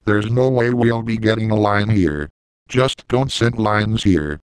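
A man's voice: fairly low pitch, unhurried, smooth, no room sound, soft background music. A man giving impatient directions, like a director calling takes in a comic edit. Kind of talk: comic fan edit commentary.

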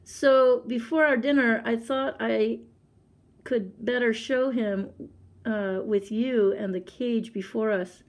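A woman's voice: fairly high pitch, steady tone, slow pace. A woman voicing an anxious, learned holy man who speaks formally and sounds put-upon. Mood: nervous.

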